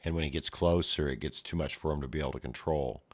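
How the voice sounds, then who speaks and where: A low-voiced man chats casually as he pages through a comic, narrating the action in a loose, rambling way. He tosses in his own mouth sound effects and offhand asides as he goes. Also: fast. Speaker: comic reader and commentator. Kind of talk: casual read-along commentary.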